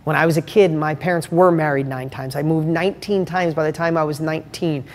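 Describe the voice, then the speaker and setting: A man's voice: on the high side, fairly even intonation, brisk, long reverb tail. A middle-aged man hosting a motivational live stream, talking in an emphatic, heartfelt way and pressing listeners with rhetorical questions. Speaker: host.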